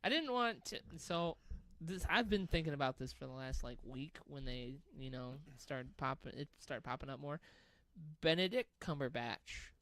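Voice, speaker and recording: A man co-hosting a casual podcast, talking quickly and animatedly and swearing casually. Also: medium pitch, animated, a bit bright, no echo. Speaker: podcast co-host. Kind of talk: casual chat.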